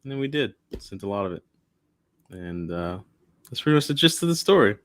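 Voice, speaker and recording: A man's voice: on the low side, big pitch swings, a little fast, dry recording, studio quality. A man hosting a podcast in casual chat, joking and offhand. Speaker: podcast host.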